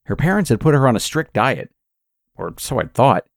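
A man narrating a scripted horror story in a measured, steady way. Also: medium pitch, gravelly, no room sound, studio quality.

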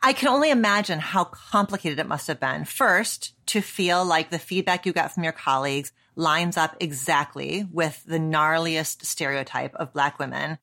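A woman's voice: low-pitched, moderate pace, few pauses, bright, forceful tone. A woman podcast host who interviews conversationally, affirming and inquisitive.

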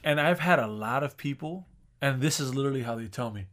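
A man's voice: medium pitch, lively intonation, quick pace, a bit bright, a little hiss or hum. A man co-hosting a podcast in casual chat, rambling with restarts and swearing. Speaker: podcast co-host.

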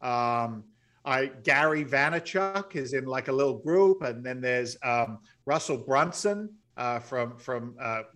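A middle-aged man, a podcast guest, telling stories in a blunt, salty, animated way. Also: mid-range voice, measured pace. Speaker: podcast guest, real estate investor. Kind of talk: storytelling interview.

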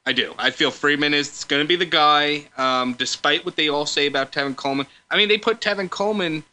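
A man's voice: fairly high pitch, fairly quick, sharp tone. A man co-hosting a casual fantasy football podcast, talking in a hesitant, agreeable way. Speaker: podcast co-host.

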